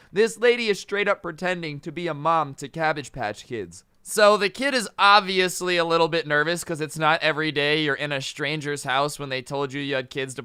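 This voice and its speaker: A young man tells a story in a loose, chatty way, tossing in "dude" and acting out the lines he quotes. His voice sits a little high and sounds bright and clear. It is recorded close on the mic, dry with no room sound. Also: no echo. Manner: chatty, says dude a lot, acts out quotes. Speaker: storytime youtuber. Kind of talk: casual storytelling.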